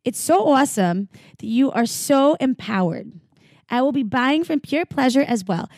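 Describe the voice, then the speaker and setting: A woman's voice: high-pitched, animated, normal speed, a little mellow, no echo, clean studio sound. A woman putting on a Minnesota accent to voice a gushing podcast fan, drawn out and exaggerated.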